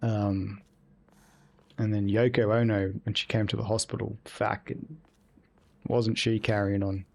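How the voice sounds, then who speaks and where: A man's voice: fairly low pitch, flat delivery, unhurried, vocal fry, pauses often. A young man streaming a video game live, chatting casually and rambling, with plenty of swearing. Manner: rambling, profane, laid-back. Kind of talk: casual live-stream chat while gaming.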